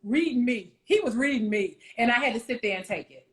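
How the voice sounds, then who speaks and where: A woman relationship coach talking in a casual chat, animated and quick to laugh, acting out little quoted scenes. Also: a little high. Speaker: wife coach, guest. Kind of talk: casual chat on a virtual show.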